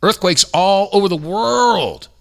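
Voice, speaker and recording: A man's voice: sits high, animated, measured pace, gravelly. A man from the United States hosting a podcast, ranting in exasperated casual commentary with mocking impressions. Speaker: podcast host.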